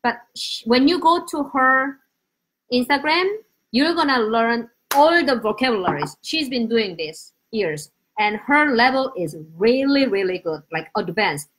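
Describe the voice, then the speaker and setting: A woman teaching Korean on a live lesson, animated, switching between Korean and English, with uneven English grammar. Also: a little high, measured pace. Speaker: Korean language teacher, host. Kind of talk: live-stream language lesson.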